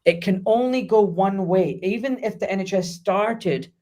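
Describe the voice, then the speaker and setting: A middle-aged man talking as a guest doctor in a casual interview, animated and emphatic, swearing freely. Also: high voice, normal speed.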